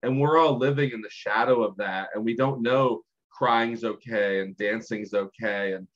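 A man's voice: on the low side, moderate pace. A man hosting a podcast in casual conversation, enthusiastic and affirming, reflecting on ideas. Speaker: podcast host. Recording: slightly dull, lo-fi sound.

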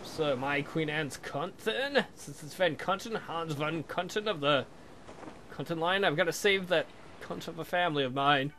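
A man giving crude, loud gameplay commentary, reading in-game dialogue aloud with silly voices. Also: on the high side, normal speed, a little hiss or hum. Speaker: let's play commentator.

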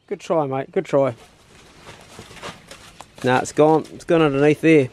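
A man's voice: a little high, fairly even intonation, unhurried, a little mellow. A man, chatting casually and slangily in his hunting vlog, first out on a farm and then indoors. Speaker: hunting vlogger.

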